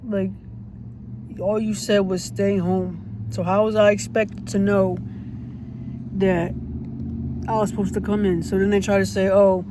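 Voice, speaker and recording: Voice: medium pitch, dark tone, a little hiss or hum. Blunt, indignant storyteller, swearing freely. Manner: repeats points for emphasis. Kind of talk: casual storytime vlog.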